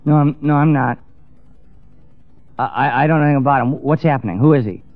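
A man's voice: high voice, measured pace, faint music behind, voice pushed up. A man doing a scared stammering apostle. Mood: panicked. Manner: stammering, pleading. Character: frightened male apostle, stammering denials. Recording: dull lo-fi recording.

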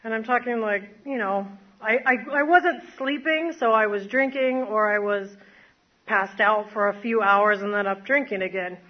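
A woman's voice: medium pitch, normal speed, highs cut off. A woman telling her recovery story to a group, rambling with many fillers and self-mocking laughs. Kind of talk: personal testimony to a group. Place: standing before an audience.

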